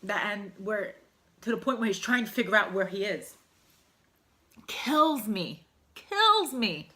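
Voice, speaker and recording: A woman's voice: mid-range voice, unhurried, pushed and bright. A woman vlogger telling a personal story to camera in a candid, emotional, rambling way. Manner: emotional, heartfelt, rambling with fillers.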